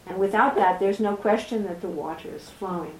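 Soft-spoken woman teacher with a sore throat. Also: mid-range voice, roomy sound, slight background noise, poor audio. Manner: slow, deliberate, repeats key phrases. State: sore throat, speaks softly. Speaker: spiritual teacher. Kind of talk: scripture class.

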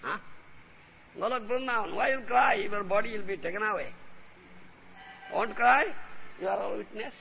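A man's voice: high-pitched, normal speed, creaky, pauses often, soft background music. A man delivering a devotional sermon, emphatic and often checking in with "huh?" and "you understand?". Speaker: spiritual teacher. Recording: dull lo-fi recording with faint hiss.

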